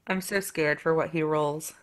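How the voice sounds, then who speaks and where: A woman narrating a tabletop game as game master, in a relaxed, casual way. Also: low-pitched, normal speed.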